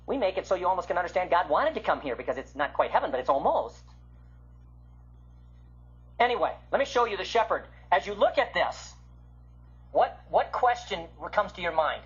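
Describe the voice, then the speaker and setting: An older man from the Midwest giving an illustrated Bible lecture, with a husky voice that swings from loud to hushed. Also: a little high, very animated, fairly quick, faint music behind. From American Midwest. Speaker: Bible teacher. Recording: muffled lo-fi recording.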